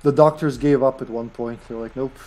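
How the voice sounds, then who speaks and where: A man's voice: mid-range voice, fairly even intonation, a little fast, mellow. A man streaming a horror game with friends, chatting casually and jokingly, laughing often and trailing off mid-sentence. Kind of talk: casual gaming chat.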